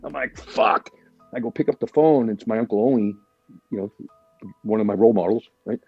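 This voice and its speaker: A man's voice: lowish voice, fast, husky, no room sound, dull audio, faint music behind. A man, a military veteran, talks candidly as a podcast guest and keeps asking "right?" while he swears casually. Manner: candid, profane, full of "right?" and "like". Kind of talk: casual storytelling.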